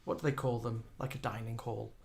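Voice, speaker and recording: A man's voice: medium pitch, level tone, fairly quick, gravelly, darkish tone. A man, co-hosting a casual live show and telling chatty, self-mocking stories between viewer comments. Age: 40s. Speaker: co-host of a live online show.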